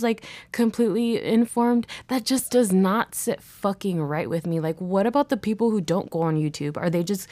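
A woman's voice: medium pitch, darkish tone, dry recording. A young woman hosting a solo podcast, speaking in a heated way, swearing often and restarting her sentences. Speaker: podcast host. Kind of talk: casual solo podcast monologue.

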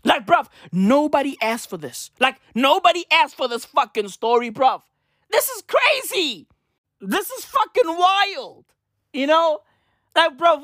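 Woman ranting highish voice, lively swooping delivery, dry close sound, swears constantly, slang-heavy vlogger. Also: no room sound. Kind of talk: profane rant to camera.

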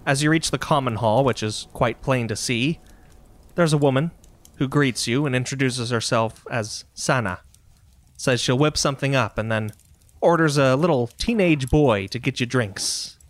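Man, game master, relaxed narration, middle pitch, tabletop game. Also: normal speed.

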